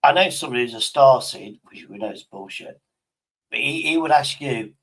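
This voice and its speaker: Husky derbyshire bloke, bit drunk, rambling n swearing at an ai on his stream. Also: mid-range voice, animated, fairly quick, low-quality recording. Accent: Derbyshire English. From Derbyshire, England. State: tipsy. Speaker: live stream host. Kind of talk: casual chat with an AI.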